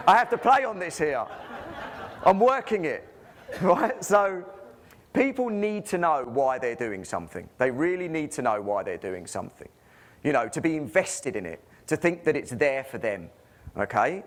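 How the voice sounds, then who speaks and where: A man with an English accent giving a conference presentation as a physiotherapist, full of rhetorical questions and jokey asides. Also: on the high side.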